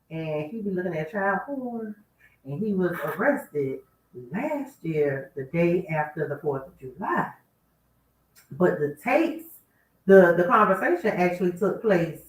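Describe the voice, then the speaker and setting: A woman's voice: fairly low pitch, fairly bright tone. A woman hosting a radio talk show, sassily dishing celebrity gossip and talking back to people who aren't there. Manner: sassy, talks back to absent people. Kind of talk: casual celebrity gossip commentary. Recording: roomy, distant mic.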